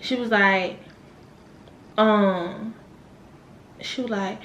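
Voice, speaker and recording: A young woman from Virginia vlogging a casual story, animated, swearing and laughing as she talks. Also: mid-range voice, normal speed, pauses often, slight background noise. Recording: echoey room.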